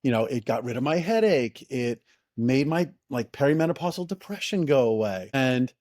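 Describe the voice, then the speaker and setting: A middle-aged man, a company founder and podcast guest, telling stories in an enthusiastic, excitable way with many restarts and fillers. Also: medium pitch, normal speed, no echo, clean studio sound. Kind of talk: casual interview storytelling.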